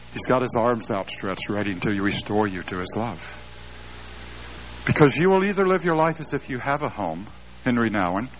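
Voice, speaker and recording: Lively middle-aged preacher on worn tape. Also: male voice, mid-range voice, slight background noise. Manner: animated storytelling with self-deprecating humor. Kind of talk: sermon. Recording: dull lo-fi live sermon tape.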